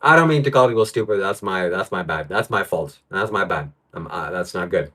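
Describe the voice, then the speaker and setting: A man's voice: deep voice, animated, fairly quick, pushed and bright. A man hosting a live stream from home, reading out viewer comments and ranting about them in frustration. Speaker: livestream host. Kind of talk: livestream talk.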